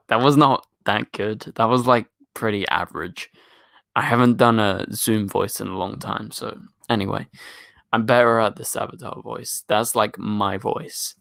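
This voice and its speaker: A British man with a low, deep voice hosts a relaxed live stream. He talks in a loose, chatty manner, thanking viewers and working through their questions. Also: normal speed, gravelly. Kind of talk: casual live stream chat. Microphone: studio microphone.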